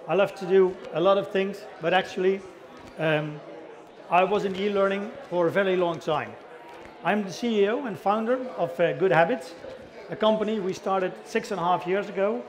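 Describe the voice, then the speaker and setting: A middle-aged man with a Dutch accent giving a chatty conference talk, asking the audience questions and joking about himself. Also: high voice. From the Netherlands. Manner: chatty, self-deprecating, engages audience with questions. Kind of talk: conference presentation. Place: conference hall.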